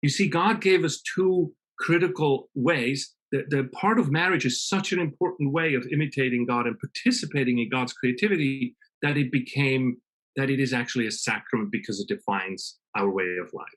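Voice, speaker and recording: Husky man telling a story. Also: medium pitch, moderate pace, fairly bright tone. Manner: acts out dialogue playfully, with restarts. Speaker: conference speaker. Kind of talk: storytelling talk. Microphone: video call.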